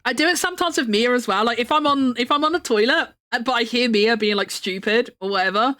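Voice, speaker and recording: A woman's voice: fairly high pitch, fast talker, pushed and bright. A young woman chatting casually on her live stream, rambling and laughing often.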